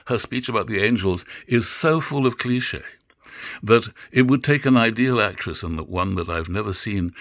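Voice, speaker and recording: Gravelly low-voiced older man lecturing. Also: fairly bright tone, no room sound, studio quality. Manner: musing, halting with many fillers and restarts. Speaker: lecturer on drama. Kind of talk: unscripted lecture.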